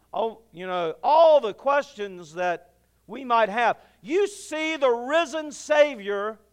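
High, smooth-voiced preaching man. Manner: earnest, conversational preaching with dramatic pauses and drops to a hush. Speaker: pastor. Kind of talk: sermon.

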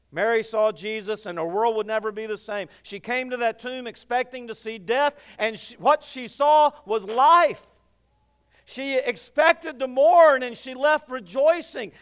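A man preaching a sermon, earnest and conversational, reading scripture and pausing for effect. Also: very high-pitched, smooth. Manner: earnest, conversational preaching with dramatic pauses and drops to a hush. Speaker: pastor.

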